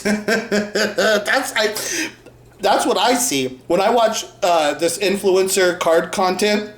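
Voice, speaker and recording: A man's voice: high voice, slow. A man hosting his own show, ranting in crude, mocking commentary and laughing often. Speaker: host. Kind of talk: profane commentary rant. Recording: roomy echo.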